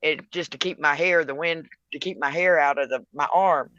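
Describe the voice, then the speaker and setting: A man calling in to a podcast, telling stories in an excitable way and laughing as he goes. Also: a little high, moderate pace, no echo, lo-fi sound. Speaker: caller. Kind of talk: casual storytelling.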